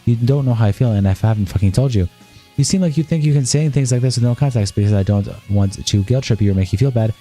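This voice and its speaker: Man, streamer, reading texts aloud, very fast, dark warm tone. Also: mid-range voice, soft background music. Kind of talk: reading text messages aloud on a livestream.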